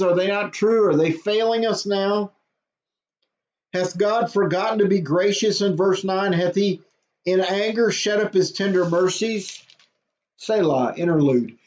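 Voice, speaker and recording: A man with a fairly high voice gives a short devotional. He reads scripture in measured phrases, then talks through it in plain everyday words. The audio is dull and lo-fi. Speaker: pastor. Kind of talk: devotional Bible reading and commentary.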